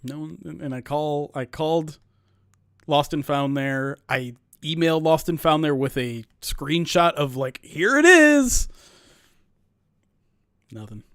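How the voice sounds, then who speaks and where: A man co-hosting a sports podcast, chatting casually with halting restarts. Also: fairly high pitch, fairly even intonation, dry recording, clean studio sound. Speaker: podcast co-host.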